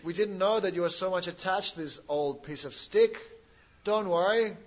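Man playing a sassy young prince, teasing and sarcastic, a bit higher-pitched. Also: moderate pace. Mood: mocking. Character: cheeky young male prince mocking an elder.

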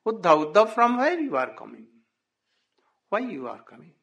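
A man voicing a grieving elderly father who pleads in halting, broken English. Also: sits high, wildly swooping pitch, gravelly, fairly bright tone, lo-fi sound, voice pushed up, heavily acted. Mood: pleading.

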